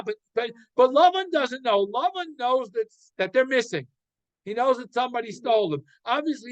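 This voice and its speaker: A man's voice: high voice, no echo, poor audio. A man giving a weekly Torah class, translating Hebrew verses line by line and explaining them. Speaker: Torah teacher.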